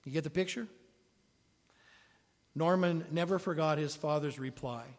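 A man with a fairly high voice preaches a sermon in a church sanctuary. He talks in a conversational way and asks the congregation questions as he goes. His voice rings with the long reverb of a large hall. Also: normal speed.

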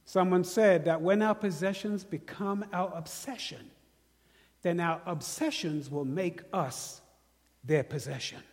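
A British man delivers a sermon in a high, unhurried voice, pausing to throw questions to his congregation and get responses. His words carry a long reverb, as if filling a church hall. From Britain. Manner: call-and-response preaching, rhetorical questions to the congregation. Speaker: preacher.

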